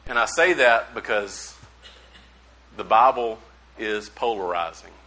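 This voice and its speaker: A man preaching a sermon, a folksy, animated storyteller who acts out the voices of the people he quotes. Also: lowish voice, takes it slowly, low-quality recording. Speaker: pastor.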